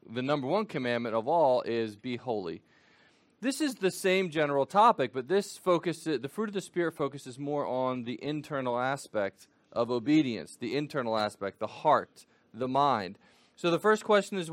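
A man teaching a catechism lesson to families, explaining patiently and slowing down for the children. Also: medium pitch, no room sound.

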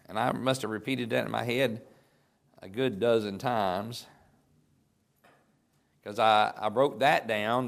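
A man's voice: on the high side, a little slow, creaky, fairly bright tone. Man, pastor preaching, conversational, reads scripture aloud. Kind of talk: sermon.

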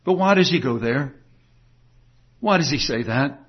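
A man's voice: medium pitch, lively intonation, unhurried, husky, highs cut off. A man preaching a sermon in an earnest, emphatic way, asking rhetorical questions. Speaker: pastor.

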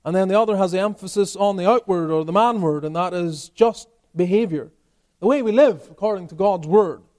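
Male pastor, high voice, emphatic expository preaching in church. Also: fairly quick, darkish tone. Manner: emphatic preaching with rising and falling intensity. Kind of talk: expository sermon.

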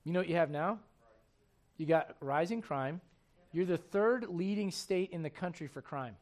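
A man's voice: a little high, expressive, moderate pace, a little mellow. A man preaching a sermon, emphatic and full of questions to the congregation, reading scripture aloud in old-fashioned wording. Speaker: pastor.

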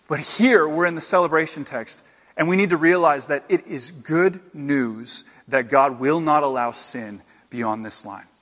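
A male pastor preaching an earnest sermon, swinging between loud exclamations and hushed, slowed emphasis. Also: a little high. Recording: long hall reverb.

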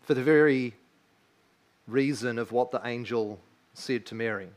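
A man's voice: medium pitch, a little slow. A man in his thirties preaching a sermon, earnest and emphatic, often asking his listeners rhetorical questions. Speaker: pastor.

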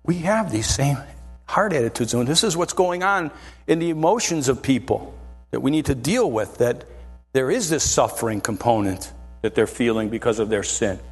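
Male preacher, husky and animated, sermon delivery, faint music bed. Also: medium pitch, normal speed. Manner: animated, keeps asking "right?".

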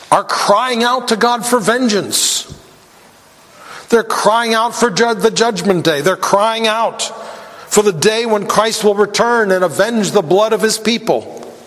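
Preaching a sermon, a man with a high, slightly bright voice moves deliberately, lingering over each phrase. He becomes emphatic, his intensity rising as he reads scripture aloud, while a long hall reverb rings around him.

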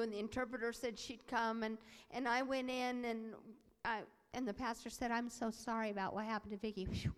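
A woman's voice: on the high side, brisk, smooth. Direction Woman interpreting a sermon in a reverberant hall. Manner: animated storytelling, acts out quoted voices, drops to a whisper. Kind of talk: sermon with personal testimony.

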